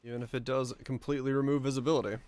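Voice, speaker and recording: A man with a hoarse, raspy voice chatting offhandedly and joking while streaming a game. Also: medium pitch, little pitch movement, very fast, darkish tone. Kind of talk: casual gaming stream chat.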